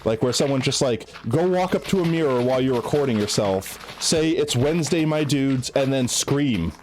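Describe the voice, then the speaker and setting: A man's voice: mid-range voice, animated, normal speed, a little hiss or hum. A male streamer chatting casually with his viewers while gaming, rambling, restarting his sentences and breaking into giggles. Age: adult.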